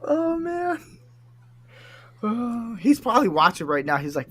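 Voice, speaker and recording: A man's voice: very high voice, very animated, a little slow. A man hosting a podcast, chatting casually and telling jokey stories, acting out what people said. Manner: jokey storyteller, acts out quotes. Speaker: podcast host. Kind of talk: casual chat.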